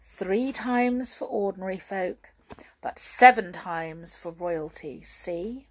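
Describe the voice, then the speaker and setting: Woman playing a witch, storybook, sly, hushed sing-song chanting, breathy. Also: mid-range voice, takes it slowly. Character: sly kind-seeming female witch casting spells.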